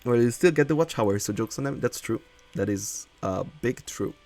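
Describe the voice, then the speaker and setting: A man's voice: medium pitch, animated, moderate pace, darkish tone. A man who is not a native English speaker chats casually as a streamer while building in a game, laughing often and reading chat aloud.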